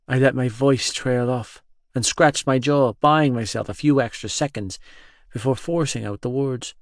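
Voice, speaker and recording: A male narrator reads a first-person romance audiobook at an unhurried pace. He sounds gruff and awkward and swears often. The close, dry studio sound has no room echo. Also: medium pitch.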